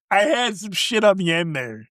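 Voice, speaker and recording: Rambling high-voiced man chatting. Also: sing-song, a little slow, fairly bright tone, no room sound, clean studio sound. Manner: rambling, laughs often, trails off mid-sentence. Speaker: podcast co-host. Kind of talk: casual chat.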